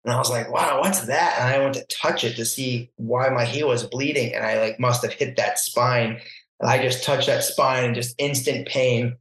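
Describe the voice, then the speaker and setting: A man, a guest on a podcast, telling a story in a casual, animated way and acting out the voices he quotes. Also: mid-range voice, moderate pace. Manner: animated, acts out quoted voices, laughs often. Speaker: podcast guest, barefoot water skier. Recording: roomy echo.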